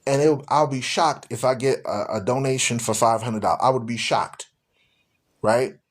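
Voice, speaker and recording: A man's voice: medium pitch, normal speed. A man who hosts a radio show, preaching in an emphatic, rhetorical way and repeating his questions for effect. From United States. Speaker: radio show host and Bible teacher.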